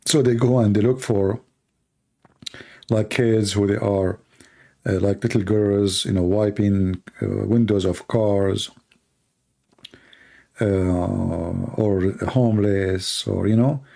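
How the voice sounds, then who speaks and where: A man hosting a debate livestream in non-native English, hoarse and coughing as he argues through rhetorical questions. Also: fairly low pitch, fairly even intonation, slow pace, long pauses, mellow. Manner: argumentative, fires rhetorical questions. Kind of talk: live stream Q&A monologue.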